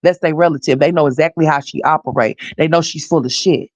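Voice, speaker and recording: A woman hosting a livestream, giving blunt, profane commentary and scolding directly, her voice hoarse. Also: low voice, quick pace, no echo. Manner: blunt, scolding, profane, talks straight to viewers.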